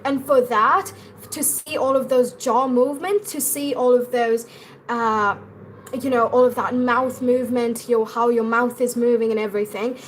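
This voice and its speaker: A woman's voice: a little high, slight background noise, poor audio. A young woman with an Indian English accent, teaching pronunciation in a chatty live-stream lesson and talking straight to her viewers. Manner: chatty, repeats and restarts, addresses viewers directly.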